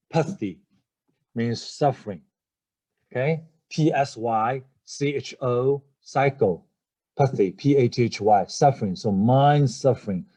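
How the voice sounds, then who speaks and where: A male English teacher with a warm, medium-pitched voice gives a vocabulary lecture, spelling words out letter by letter. He often hesitates, uses lots of fillers and restarts, and keeps checking in with "okay?" and "right?"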